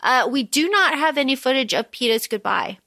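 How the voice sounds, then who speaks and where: A woman's voice: sits high, animated, brisk, sharp tone, no room sound, clean studio sound. A woman co-hosting a podcast, chatting casually and animatedly as she recaps a movie, often quoting the characters with a bit of swearing. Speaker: podcast co-host.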